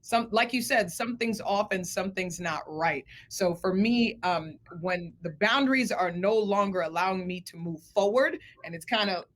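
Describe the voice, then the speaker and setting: A woman co-hosting a TV talk show, giving lively, enthusiastic introductions. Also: medium pitch, moderate pace, hardly any pauses. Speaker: co-host.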